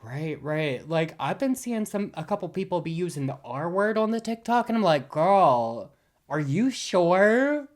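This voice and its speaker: A podcast co-host chatting casually in an animated, gossipy, exclamatory way. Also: medium pitch, normal speed, few pauses. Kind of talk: casual chat.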